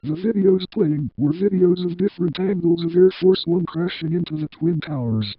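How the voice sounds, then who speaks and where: A synthetic text-to-speech man's voice reading a horror story in a flat, evenly paced way. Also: sits high, moderate pace, breathy edge, dry recording, highs cut off. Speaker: narrator. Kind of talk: scripted horror story narration.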